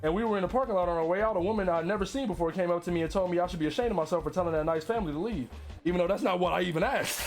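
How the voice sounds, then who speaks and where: A man reading online stories aloud, breaking off to riff and laugh loudly with lots of swearing. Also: sits high. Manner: loud laughter and profane riffing between readings. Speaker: streamer reacting to stories.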